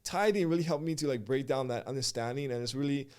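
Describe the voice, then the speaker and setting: A man's voice: mid-range voice, quick pace, darkish tone. A man speaking as a guest in a casual podcast conversation, reflective and filling his talk with "like". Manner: reflective, lots of "like" fillers.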